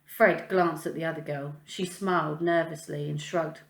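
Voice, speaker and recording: A woman's voice: low voice, steady tone, normal speed, creaky. Woman teacher reading a story aloud. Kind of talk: reading a children's novel aloud. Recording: echoey room.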